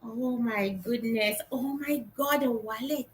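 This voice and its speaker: Vlogger woman, 30s, high bright voice, slow excitable chatter, faint background noise. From Africa. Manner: excitable, exclaims often, chatty. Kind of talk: casual unboxing vlog.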